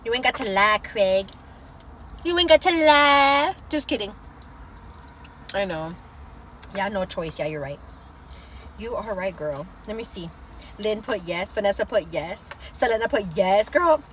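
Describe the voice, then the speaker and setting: A young woman hosting a casual livestream, chatting to viewers and telling stories in an animated way. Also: mid-range voice, normal speed, a little hiss or hum, low-quality recording. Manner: chatty, animated storytelling, calls viewers girl. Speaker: livestream host.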